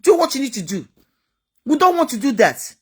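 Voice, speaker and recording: A woman's voice: high voice, big pitch swings, a little fast, a little mellow. A woman giving a motivational talk, emphatic and repetitive, full of rhetorical questions. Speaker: motivational speaker.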